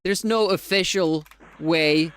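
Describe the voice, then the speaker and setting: A Finnish streamer, a native Finnish speaker with a Finnish accent, chats casually with viewers during a live speedrun, rambling and laughing often. His voice is medium-pitched, slow, a bit bright, and clean in tone.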